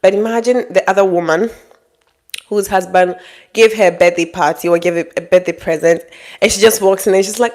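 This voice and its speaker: A woman talking straight to her audience with relationship advice, bluntly scolding and acting out quoted people in high mock voices. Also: brisk, a little mellow. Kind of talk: direct-to-camera advice monologue.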